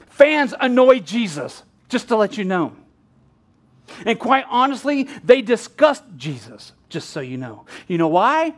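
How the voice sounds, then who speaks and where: A man's voice: very high-pitched, big pitch swings, slow pace. A middle-aged male pastor preaching a sermon, laughing often and acting out bits of dialogue.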